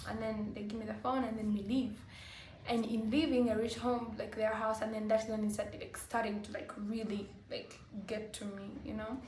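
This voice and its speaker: A woman vlogger telling a personal story to camera, halting and full of fillers like "like" and "you know". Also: a little high, flat delivery, a little mellow. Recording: roomy echo, faint background hiss.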